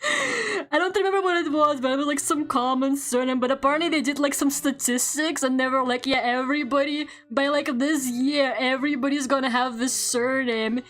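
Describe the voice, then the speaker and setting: A woman's voice: high-pitched, fairly quick, fairly bright tone. A woman streamer chatting casually while she draws, rambling, swearing often and laughing a lot, at a home desk microphone.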